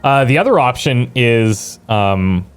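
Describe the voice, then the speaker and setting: A man's voice: medium pitch, animated, slow, clear, resonant tone, soft background music. Chatty man thinking aloud over gameplay. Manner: thinking aloud, chatty, reads out viewer chat. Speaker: let's play streamer. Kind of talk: casual gameplay commentary.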